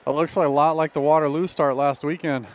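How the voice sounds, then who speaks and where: A man's voice: fairly high pitch, fairly even intonation, fast. A man adding laid-back, joking color commentary beside the play-by-play announcer at a youth hockey game.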